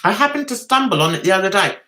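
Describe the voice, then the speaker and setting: A woman with a London accent tinged with Essex hosts a casual livestream chat, speaking at a racing pace in an expressive, mid-range voice with a sharp tone. She talks to viewers in a chatty, sarcastic, teasing way.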